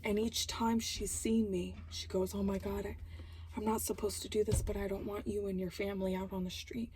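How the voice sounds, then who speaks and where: A woman with children telling a personal story in casual vlog style, animated, with loud laughing outbursts and hushed asides. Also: mid-range voice, normal speed, noisy background. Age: adult with children. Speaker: vlogger.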